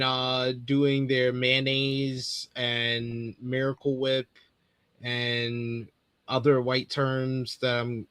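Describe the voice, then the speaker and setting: A man co-hosting a casual movie review chat, joking in a dry, unhurried way. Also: medium pitch, bright, forceful tone, clean tone, no room sound. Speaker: co-host of a movie review show.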